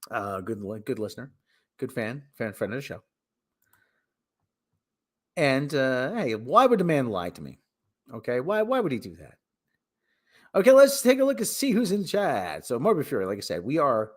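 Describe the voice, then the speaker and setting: Animated rambling male livestream host. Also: on the high side. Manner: rambling, self-interrupting, mock radio-announcer asides. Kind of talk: casual solo livestream chat.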